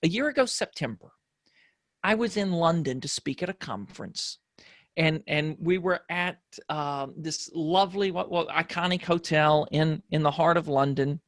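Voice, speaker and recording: A man whose voice sits higher than most men's, telling stories in a reflective, casual conversation as a podcast guest. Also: moderate pace, a bit bright, no echo, studio quality. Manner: reflective storyteller.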